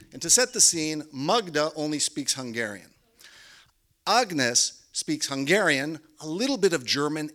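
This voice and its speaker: Bright-voiced man telling a story. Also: mid-range voice. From Canada. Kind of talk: first-person stage storytelling.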